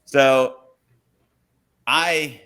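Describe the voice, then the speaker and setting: A man who is a police officer, telling a work story on a podcast in a relaxed, conversational way. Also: medium pitch, drawn-out words, smooth.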